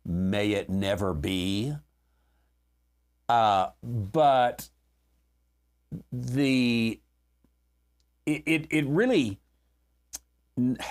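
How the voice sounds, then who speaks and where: A man hosting a theology question show, working through scripture and thinking aloud as he explains. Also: medium pitch. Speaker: host answering theology questions. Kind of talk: unscripted Bible teaching.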